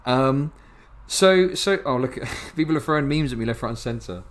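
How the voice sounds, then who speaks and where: A man's voice: mid-range voice, lively intonation, normal speed. Male streamer reacting live, loose rambling delivery, ordinary mid-range voice. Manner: rambling, restarts often, laughs a lot.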